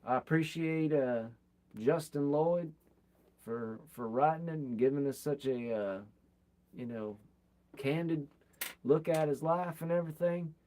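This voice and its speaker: A man reads a biography aloud and chats about it between passages. His voice sits a little high, and he livens up when acting out the quoted lines. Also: a little slow, pauses often, dark tone. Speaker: reader of a biography. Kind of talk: reading aloud from a book with comments.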